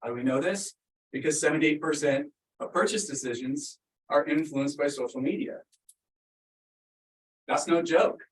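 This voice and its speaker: With a fairly high-pitched voice and a moderate pace, a business workshop speaker gives a casual, upbeat talk to a live audience, pausing often and using lots of fillers. He's picked up from a distant mic in an echoey room, with slight background noise.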